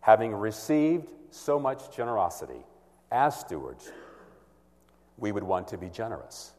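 A man's voice: lowish voice, expressive, measured pace, darkish tone. Earnest preacher man, echoing hall. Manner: earnest, emphatic expository preaching. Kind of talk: sermon. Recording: long reverb of a large hall.

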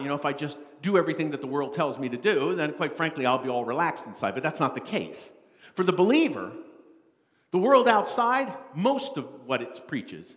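A man preaching a sermon in a lively, dramatic way, acting out the quotes he tells. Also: fairly high pitch. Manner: animated, dramatic, acts out quotes in a rising voice. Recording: long reverb in a large hall.

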